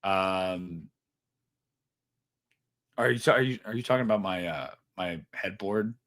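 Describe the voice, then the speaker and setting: A man hosting a live stream, reading viewer donations aloud and chatting about them in a relaxed, rambling way full of slang and fillers. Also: low voice, slow pace. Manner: chatty, laid-back, lots of fillers and slang. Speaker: livestream host reading super chats. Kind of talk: casual live stream chat.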